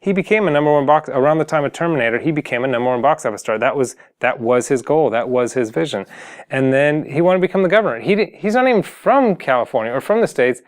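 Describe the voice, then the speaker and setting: A man talks earnestly to his viewers as a singing coach, steering them off the hunt for approval. His voice is smooth and resonant, set at an ordinary middle pitch. He speaks loosely, stopping short and starting over as the thought comes. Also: lively intonation, fast talker. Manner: earnest, motivational, full of fillers and restarts. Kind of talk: casual talk to camera.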